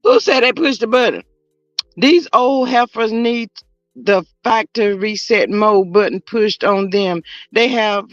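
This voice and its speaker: A woman's voice: mid-range voice, no echo. Chatty woman gossiping on a muffled livestream. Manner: chatty and gossipy, frequent mm-hmm interjections. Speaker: livestream host. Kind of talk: casual live chat, reading viewer comments. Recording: muffled lo-fi audio with faint music.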